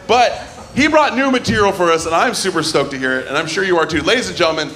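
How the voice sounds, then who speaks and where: A man's voice: high voice, lively intonation, fast, a bit bright. A man hosting a comedy open mic, telling loose, joking stand-up bits on a club stage. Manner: loose, joking, does silly voices for bits. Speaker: comedy show host.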